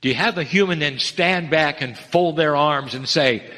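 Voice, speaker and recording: A man delivering a channeled spiritual message, measured and earnest, addressing listeners as dear ones. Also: on the high side, pushed and bright. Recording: long reverb of a hall.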